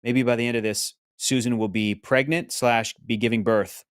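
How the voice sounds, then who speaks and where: A man's voice: mid-range voice, steady tone, normal speed, clean tone, no echo, studio quality. A man co-hosting a podcast, rambling in casual chat and reading out viewer comments in a jokey way. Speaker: podcast co-host reading super chats.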